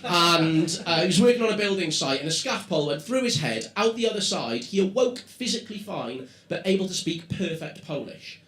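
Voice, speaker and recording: Lively man doing stand-up. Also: high-pitched. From Britain. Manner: animated, quick asides to the crowd. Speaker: stand-up comedian. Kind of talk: stand-up comedy set. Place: comedy venue before a live audience. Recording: roomy live venue with crowd laughter.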